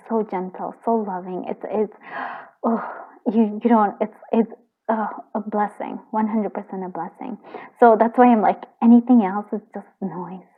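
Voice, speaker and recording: Tender, rambling woman tarot reader. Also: medium pitch. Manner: rambling, gentle, emotional, lots of fillers and restarts. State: tearing up. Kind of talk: casual pick-a-card tarot reading. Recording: tinny phone-like audio.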